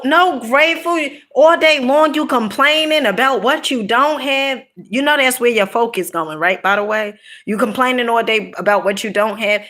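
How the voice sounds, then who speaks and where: A middle-aged woman talks casually, urging her listeners to be grateful. She is direct and a bit preachy, and she keeps checking in with "okay?" and "you know". Her voice sits fairly high, with a bright, forceful edge. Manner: laughs between points. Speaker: motivational speaker. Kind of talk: casual motivational talk.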